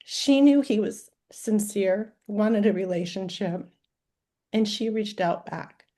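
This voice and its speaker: A woman's voice: medium pitch, slow, dark tone. A woman in her sixties, a former dental hygienist turned life coach, talking earnestly and heartfelt in long runs of short listed phrases. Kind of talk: heartfelt personal talk.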